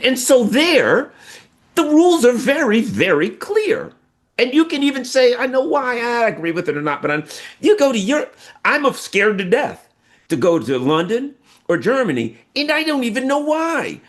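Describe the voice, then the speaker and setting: Animated man with lively pitch. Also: normal speed. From United States. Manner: animated, emphatic, acts out quoted voices. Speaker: political commentator guest. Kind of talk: casual political discussion.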